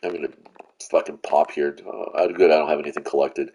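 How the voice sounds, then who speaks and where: A man's voice: rumbling low, steady tone, brisk, mellow, husky. A man giving profane, rambling commentary while he plays a game, venting his frustration. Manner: rambling with restarts and fillers. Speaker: gaming channel host. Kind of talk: live gameplay commentary.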